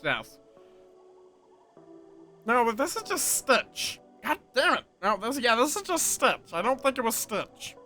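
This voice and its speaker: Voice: medium pitch, sharp tone. A streamer giving casual, enthusiastic live commentary over a game and playfully trying out silly voices.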